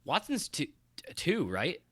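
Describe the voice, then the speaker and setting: A man's voice: a little high, wildly swooping pitch, sharp tone, husky. A man guesting on a podcast, chatting casually and tossing in wisecracks. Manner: joking, quick with wisecracks. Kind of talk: casual chat.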